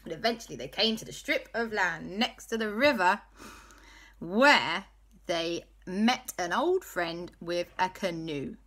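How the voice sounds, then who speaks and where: A woman spins an improvised children's story with playful asides. Her bright voice swings widely in pitch and sinks to hushed tones for spooky moments. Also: lively intonation, a little slow. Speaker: storyteller host.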